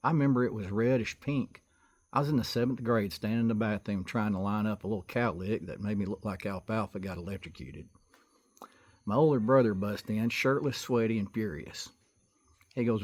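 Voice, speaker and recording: A man's voice: lowish voice, moderate pace. A man telling comic childhood stories in a folksy, exaggerated way. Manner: folksy, exaggerated, building to excited outbursts. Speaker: storyteller comedian. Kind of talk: comic storytelling monologue.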